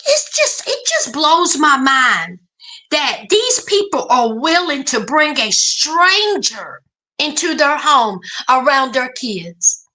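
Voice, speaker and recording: A young woman hosting a casual reality-TV recap, sassy and animated, calling people "child" and "honey". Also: sits high, slow. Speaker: recap host.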